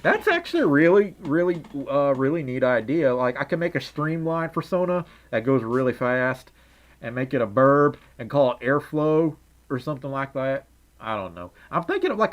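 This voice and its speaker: A young adult livestreamer chatting casually with viewers in a put-on Southern drawl, rambling and laughing often. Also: medium pitch. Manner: giggly, rambling, frequent laughs. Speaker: livestreamer reading chat. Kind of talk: casual live stream chat.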